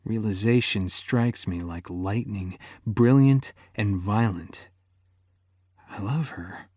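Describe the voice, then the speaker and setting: Male audiobook narrator, slow and unhurried, intimate and emotive, dry close sound. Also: lowish voice, darkish tone, no echo. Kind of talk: first-person romance narration.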